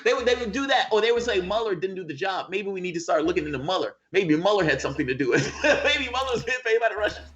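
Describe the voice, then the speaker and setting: A man's voice: high-pitched, expressive, fast talker, hardly any pauses, a bit bright, highs cut off. A man as guest in a casual political chat over a video call, emphatic and profane.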